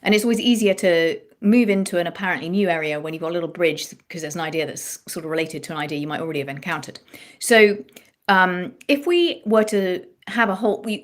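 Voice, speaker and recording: A woman songwriting coach explaining melody writing in a thoughtful live-stream chat, often restarting her phrases. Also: mid-range voice.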